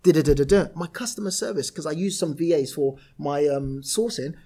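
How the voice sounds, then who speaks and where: A man with a British accent, a guest on a podcast interview, telling lively stories about his work and voicing other people in quotes. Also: a little high, brisk, slightly rough. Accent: British English. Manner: animated storyteller, voices others in quotes. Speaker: property entrepreneur guest.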